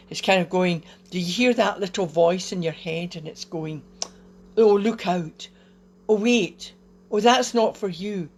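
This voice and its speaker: A woman giving a casual motivational talk on a live video from home, chatty and encouraging, with small laughs and fillers. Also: lowish voice. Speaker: host of a live wellbeing video.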